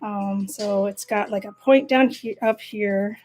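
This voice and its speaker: A woman's voice: mid-range voice, steady tone, a little slow, darkish tone, faint music behind. A young adult woman chatting casually while she draws, self-mocking and laughing often. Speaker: art vlogger. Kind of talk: casual narration while drawing.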